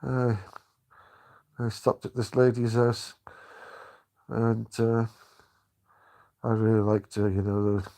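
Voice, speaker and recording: An older man rambles through memories on a live stream, stopping and restarting his sentences. His voice stays low-key and flat, with little rise or fall. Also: gravelly. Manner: rambling, halting, many restarts. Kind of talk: casual live-stream chat.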